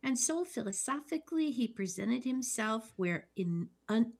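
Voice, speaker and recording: A woman on a podcast recapping a film's plot in casual chat. She speaks slowly and in a measured way, adding dry comments as she goes. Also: on the high side, lively intonation, vocal fry, darkish tone. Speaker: podcast co-host.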